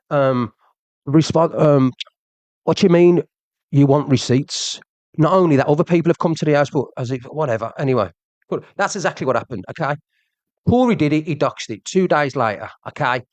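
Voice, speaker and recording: A man's voice: a little high, expressive, fairly quick, dry recording. A man ranting on a livestream, confrontational and repetitive, talking straight at his viewers. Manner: confrontational, repeats himself, addresses the viewer directly. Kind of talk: heated livestream rant.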